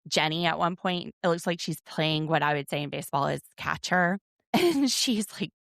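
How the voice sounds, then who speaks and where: A woman in her thirties from the United States hosts a podcast, giving a chatty, wry recap sprinkled with self-deprecating asides. Her voice is medium in pitch with a fairly bright tone, captured in a dry recording with clean studio sound.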